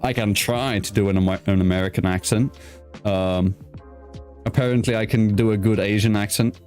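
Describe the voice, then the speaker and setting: A man's voice: on the low side, fairly even intonation, moderate pace, darkish tone, faint music behind. A young man from South Africa hosting an online interview show, joking around in casual chat and stumbling over his words. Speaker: podcast host.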